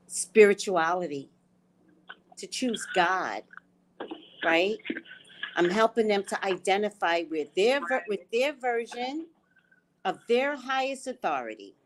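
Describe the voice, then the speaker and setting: A woman hosting a casual live chat, animated and comic, often laughing. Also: mid-range voice. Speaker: host.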